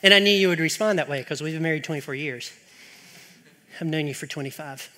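This middle-aged pastor preaches quickly, his bright, high voice echoing through a church sanctuary with long hall reverb. His sermon alternates between heated, exasperated tirades full of rhetorical questions and calmer, sincere instruction.

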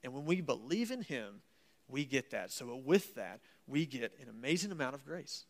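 A man's voice: mid-range voice, very animated, normal speed. A man preaching a sermon at a church service in a folksy, joking way, reading scripture aloud and explaining it. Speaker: pastor.

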